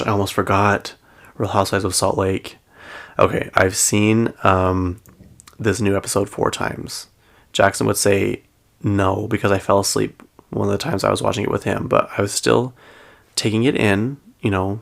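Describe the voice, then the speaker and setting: Low, gravelly-voiced man recapping gossip. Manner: chatty, heavy use of "like" and "um"; laughs between sentences. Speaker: pop culture show host.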